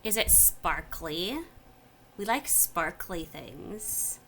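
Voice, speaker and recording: A woman's voice: on the low side, expressive, very slow, gravelly, a bit bright, a little hiss or hum, pitched below the performer's own voice, exaggerated voice. A woman voicing a twisted, half-mad male goblin creature that mutters and repeats itself in a wheedling way.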